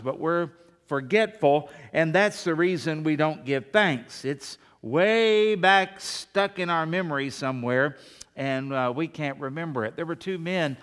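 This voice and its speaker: Pastor preaching in an echoing church. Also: male voice, a little high, clear, resonant tone. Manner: animated preaching, half-singing hymn lines. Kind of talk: sermon. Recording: long reverb of a large hall.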